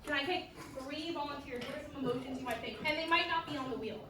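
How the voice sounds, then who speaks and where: A woman with a high voice talks quickly while leading a school band rehearsal, upbeat and encouraging as she sings out rhythms for the players. The room is echoey, the mic sits at a distance, and band instruments play in the background with noticeable noise.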